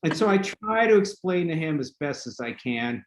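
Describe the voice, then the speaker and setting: A man hosting a casual podcast, spinning a long anecdote full of fillers and bursts of laughter. His voice sits at an average pitch and sounds roomy and echoey, with a faint hiss under it. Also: normal speed. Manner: animated, laughing storyteller with many fillers. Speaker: podcast host. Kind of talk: casual storytelling. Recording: roomy echo with faint noise.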